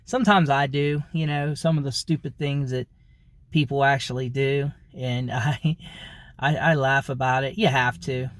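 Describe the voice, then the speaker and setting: A man talks loosely to the camera in a vlog, rambling and repeating himself with lots of fillers, restarts, and chuckles. His voice is medium in pitch, with fairly even intonation and a normal speed.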